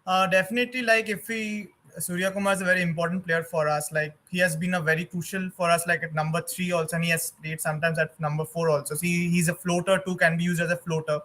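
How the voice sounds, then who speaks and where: Dude fan talking super fast, high bright voice, eager. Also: male voice, little pitch movement. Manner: eager, keeps saying like. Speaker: fan guest. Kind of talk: casual chat.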